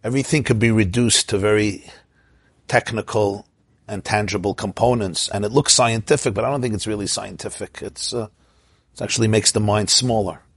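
A man's voice: fairly low pitch, steady tone, normal speed, husky, no echo. A man teaching an informal Torah class, telling stories, asking his listeners questions and chanting Hebrew verses.

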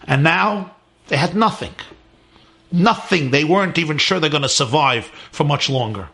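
A man's voice: a little high, moderate pace, gravelly, pushed and bright. A man, a rabbi, telling a story in a sermon with emphatic repeated lists.

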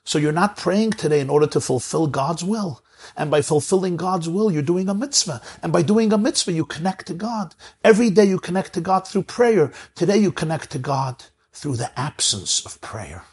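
A man voicing a patient, wise male Hasidic master who reasons gently with his friend. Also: fairly high pitch, expressive, normal speed, husky. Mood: reassuring.

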